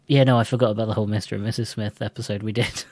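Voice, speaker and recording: A man's voice: lowish voice, fairly even intonation, fast talker, darkish tone, no echo. Laughing English man, dry close mic. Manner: rambling, laughs often, restarts sentences. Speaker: podcast co-host. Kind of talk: casual chat.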